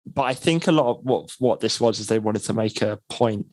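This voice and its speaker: Measured man, dry podcast voice. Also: on the low side, darkish tone, no room sound. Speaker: podcast co-host. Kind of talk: casual chat.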